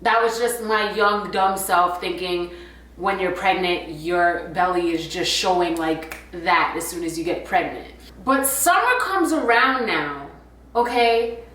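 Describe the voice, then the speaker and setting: Young woman, casual storytime, slangy, animated, echoey room, sitting back from the mic. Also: on the low side, a little slow, recorded from a distance. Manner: animated, slangy, swears freely. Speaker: vlogger.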